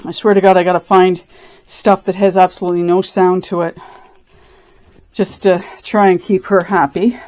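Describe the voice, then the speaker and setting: A woman's voice: fairly low pitch, flat delivery, moderate pace, darkish tone, dry recording. A woman vlogging as she makes a resin craft, chatting casually, rambling and correcting herself as she thinks aloud. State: out of breath.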